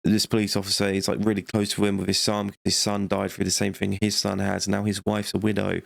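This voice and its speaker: Man, movie reviewer, low gravelly voice, rambling jokey chat, dry sound. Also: completely flat delivery, brisk, no room sound. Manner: rambling and jokey, laughs often, swears.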